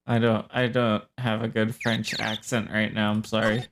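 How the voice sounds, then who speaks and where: Low-voiced woman streamer, self-deprecating. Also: level tone, moderate pace, few pauses, a little hiss or hum. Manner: self-deprecating, giggly asides. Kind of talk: casual gameplay commentary. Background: game music.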